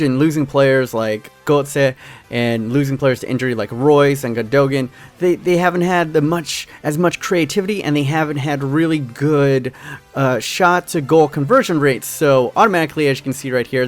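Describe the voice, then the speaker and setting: A young American man giving upbeat, jokey commentary on his football video game to his viewers. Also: fairly high pitch. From United States. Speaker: gaming YouTuber. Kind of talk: casual gameplay commentary.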